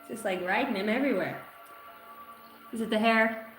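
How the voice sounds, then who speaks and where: A woman in her thirties gives a casual livestream card reading, greeting viewers with playful, profane banter. Her voice sits fairly high. The room rings with echo, and faint music plays behind her. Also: normal speed, a bit bright. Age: 30s. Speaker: tarot and oracle card reader.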